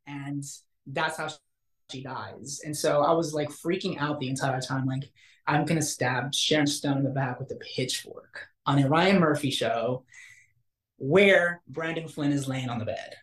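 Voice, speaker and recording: A young man, an actor, telling a story in a casual interview, animated and acting out the quotes. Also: measured pace. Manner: animated, acts out quotes with big pitch jumps. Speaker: actor guest. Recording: roomy echo.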